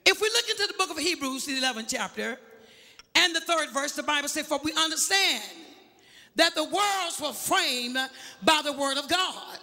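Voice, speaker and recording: A man preaching a sermon, calling for a witness, shouting and half-singing his lines in an echoey church. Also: very high-pitched, expressive, moderate pace, creaky.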